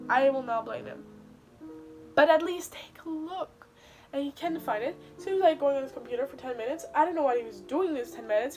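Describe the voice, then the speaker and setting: A young woman venting to camera while in pain and close to tears, stressing her words by repeating them. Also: high voice. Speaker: vlogger.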